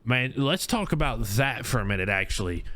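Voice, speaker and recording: A man's voice: mid-range voice, animated, normal speed, pushed and bright. A middle-aged man hosting a casual podcast, telling rambling stories full of restarts and chuckles. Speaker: podcast host. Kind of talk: casual chat.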